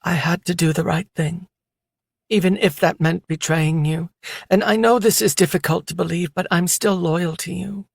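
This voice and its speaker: A fragile young woman from an audiobook, hurt and short of strength, pleading her loyalty in a soft, lifted tone, as a man acts her out. Her delivery is earnest and tender, and it sits in a very close, dry recording. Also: high voice, fairly even intonation, normal speed, gravelly, no room sound, voice pushed up. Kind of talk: audiobook character voice.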